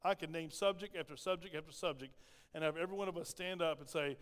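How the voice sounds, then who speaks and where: A man's voice: a little high, quick pace, fairly bright tone. A male pastor, preaching a conversational sermon with folksy asides in a church. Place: church sanctuary. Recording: long hall reverb.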